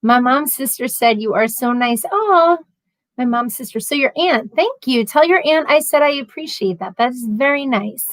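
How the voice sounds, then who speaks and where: A middle-aged woman hosts a casual livestream, chatting animatedly as she reads out viewer comments. Her voice sits on the higher side, and the sound is dry and close with little room echo. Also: normal speed, hardly any pauses. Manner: chatty and animated, laughs often.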